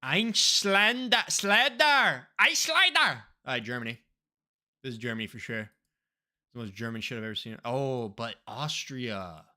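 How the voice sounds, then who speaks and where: Streaming himself playing a geography guessing game, a young man with a mid-range voice gives excitable reaction commentary, swearing freely and breaking into loud outbursts.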